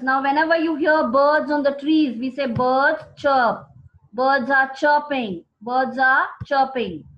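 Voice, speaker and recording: High-voiced woman teacher. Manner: slow, repeating key words for students. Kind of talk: classroom vocabulary lesson. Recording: dull lo-fi recording.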